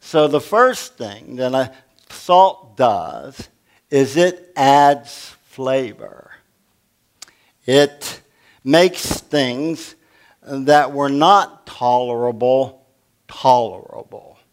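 A man's voice: medium pitch, lively intonation, extremely slow. An older man preaching a sermon as pastor, folksy and humorous, asking the congregation questions.

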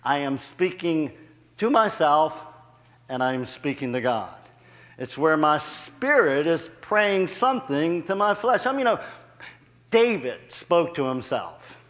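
Animated male preacher in reverberant hall. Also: on the high side, unhurried. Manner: animated, builds in volume, laughs at himself. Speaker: guest preacher. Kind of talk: sermon. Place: church sanctuary.

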